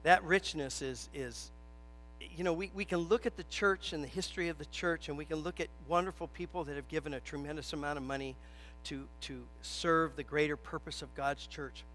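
Guy preaching in church, punchy repeated lines, bright and kinda high. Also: steady tone, a little fast, soft background music. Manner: emphatic, repeats key phrases. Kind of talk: sermon with a told joke.

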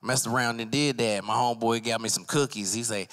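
Animated stand-up comic man, mid-pitched. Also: fairly quick. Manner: acts out other people in his stories, voice jumping high with excitement; profane, loose storytelling. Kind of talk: stand-up comedy set. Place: comedy night stage at an arts center.

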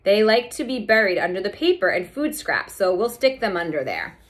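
A woman reading as a calm, patient schoolteacher. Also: medium pitch, brisk, close to an everyday voice. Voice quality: soothing and explanatory.

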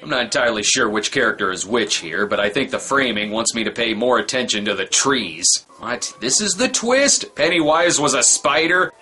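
A man's voice: mid-range voice, animated, a little fast, bright, forceful tone, faint music behind. A man giving sarcastic, wisecracking comedic commentary on a movie he is reviewing. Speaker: film review host.

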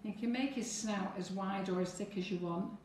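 A woman's voice: mid-range voice, moderate pace, darkish tone, far from the mic, a little hiss or hum. Woman, cake decorating tutor, chatty, live tutorial, echoey room, away from the mic. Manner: chatty, talks viewers through each step.

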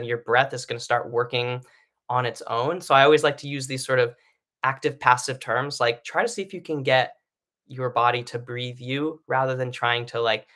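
Breathing exercises are the topic as a male vocal coach chats his way through a relaxed lesson over a live stream setup. He explains loosely, with many fillers, and keeps asking "right?" in a bright, forward voice of average middle pitch.

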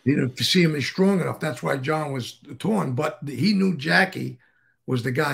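A man's voice: a little high, moderate pace, vocal fry, a bit bright. A man as an interview guest, telling stories casually in a rambling way, swearing freely and restarting sentences.

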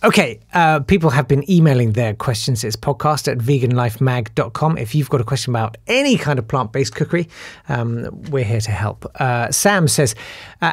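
A podcast host, playful and animated, reading listener questions and joking with guests. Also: medium pitch, normal speed, no echo, studio quality. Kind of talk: casual podcast chat.

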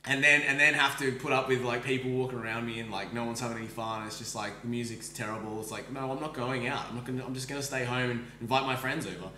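Australian man, podcast host, bright tense voice, rapid rambling, swears a lot. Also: mid-range voice, fairly even intonation, echoey room, a little hiss or hum. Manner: rapid, swearing, full of likes and restarts. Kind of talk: casual storytelling chat. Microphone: streaming microphone.

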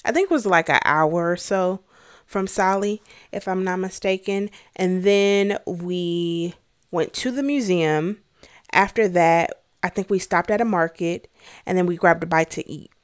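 A woman narrates her trip in a relaxed voice-over, chatty and sprinkled with filler words. Her voice sits a bit low. The recording is close and dry, with no room sound. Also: unhurried, clear, resonant tone, no room sound. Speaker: travel vlogger.

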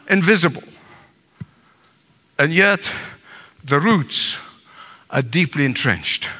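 A man's voice: high voice, pushed and bright. An older man preaching a sermon as pastor, emphatic with repeated phrases and asides. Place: large church sanctuary. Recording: long hall reverb.

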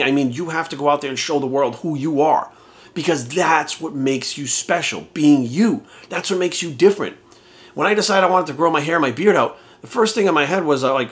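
A man's voice: on the high side, fairly bright tone. A man in his thirties, a fitness coach, telling an unscripted motivational story to camera in a blunt, profane, fired-up way.

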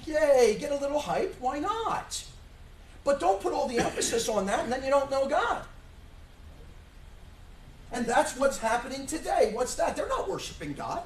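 A man pastor preaching a sermon, emphatic and full of rhetorical questions, at times shouting. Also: very high voice, a little hiss or hum. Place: church sanctuary. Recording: echoey church room from far off.

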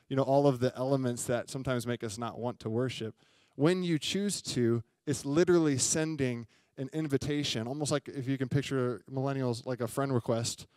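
In a church sanctuary, a young adult pastor preaches a sermon, telling a story chattily and often asking the congregation questions. His mid-range voice is a little mellow, with no room sound.

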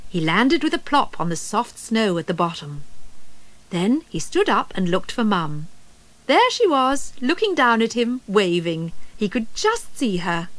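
Woman reading a children's story, unhurried, lively pitch, soft music underneath. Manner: slow, expressive reading.

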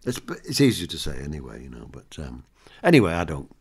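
A man's voice: very deep voice, sing-song, quick pace, slightly rough. An older man, a comedian guest, chatting in an interview and telling anecdotes and jokes with frequent laughs. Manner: chatty storyteller, laughs often, acts out jokes.

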